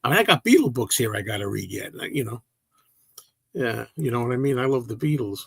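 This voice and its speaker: A man's voice: mid-range voice, lively intonation, brisk, creaky, slightly rough, dry recording. A man hosting a casual livestream, answering viewer comments in a rambling, chatty way that often restarts mid-sentence. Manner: rambling, self-interrupting, chatty.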